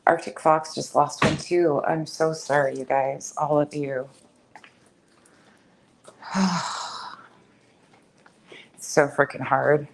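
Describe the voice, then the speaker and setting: A woman with a low voice talks casually to the camera from her home, blunt and chatty, cursing freely. A faint hiss sits under the recording. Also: little pitch movement, slow pace, gravelly, pauses often, poor audio. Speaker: cat owner vlogger. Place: home, indoors.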